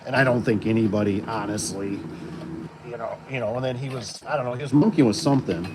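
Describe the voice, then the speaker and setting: A man's voice: mid-range voice, fast talker. A man who installs garage doors, chatting casually and rambling with lots of fillers while he works with tools on a job site. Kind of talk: casual work vlog chat. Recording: work-site background noise with vehicles.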